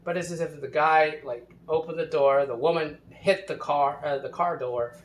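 A man's voice: a little high, fairly even intonation, moderate pace. A man telling a casual anecdote in a rambling, hesitant way, often restarting his sentences. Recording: roomy with faint ambient noise.

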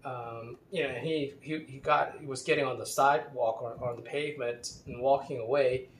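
A man's voice: mid-range voice, fairly even intonation, moderate pace. A man telling a casual anecdote in a rambling, hesitant way, often restarting his sentences. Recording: roomy with faint ambient noise.

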